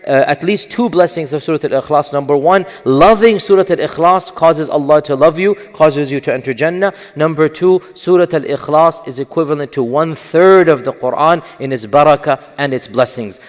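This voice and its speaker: A man giving an explanatory lecture on Quran commentary, stressing Arabic terms with a lifted voice. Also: medium pitch. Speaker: Islamic scholar lecturing. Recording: long hall reverb.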